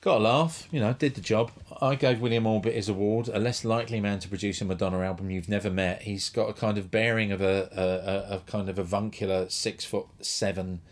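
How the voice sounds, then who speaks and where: A man's voice: on the low side, fairly even intonation, fairly quick, hardly any pauses. A male stand-up comedian telling a rambling, profane anecdote on a comedy club stage, with lots of restarts. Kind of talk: stand-up storytelling.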